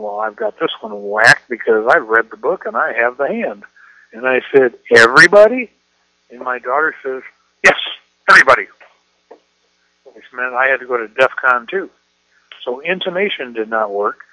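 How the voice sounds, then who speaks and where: A man's voice: mid-range voice, bright, forceful tone, dry recording, rough recording. A middle-aged man from Iowa, a school principal giving a folksy talk to educators and acting out the people he quotes. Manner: folksy storyteller, acts out quoted voices. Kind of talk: presentation to educators.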